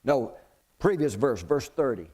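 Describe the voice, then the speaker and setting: Slow, lively-voiced male preacher. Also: mid-range voice, breathy edge. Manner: animated storyteller who questions the congregation. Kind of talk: sermon, Bible storytelling.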